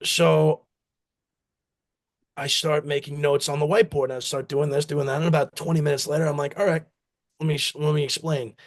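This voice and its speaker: Brisk and on the high side, the man's voice shows little pitch movement. The US company founder gives a casual interview full of meandering anecdotes, acting out things his family members said.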